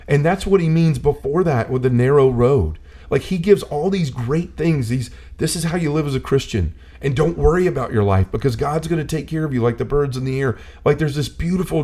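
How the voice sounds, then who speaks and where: A man's voice: mid-range voice, darkish tone. A man talking earnestly about faith in a casual discussion, full of "like" fillers, building to a preachy intensity.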